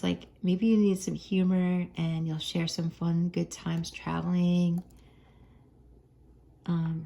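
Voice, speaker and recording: Mellow-voiced American woman reading tarot. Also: on the low side. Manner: chatty and gentle, laughs often. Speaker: tarot card reader. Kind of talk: casual tarot reading to viewers.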